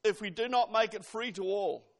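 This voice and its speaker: A man's voice: high voice, normal speed. A man preaching a sermon, emphatic, quoting scripture and asking the congregation questions.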